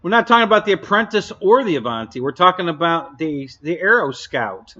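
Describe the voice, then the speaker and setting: A man's voice: sits high, animated, a little fast, bright, forceful tone. A man hosting a live stream, chatting casually and bluntly, laughing often and answering viewers' comments. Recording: dull lo-fi stream audio.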